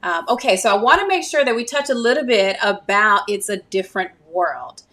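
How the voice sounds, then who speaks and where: A woman's voice: mid-range voice, expressive, fairly quick, sharp tone. A woman hosting a podcast who responds to her guest in an affirming, conversational way. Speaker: podcast host. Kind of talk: interview conversation.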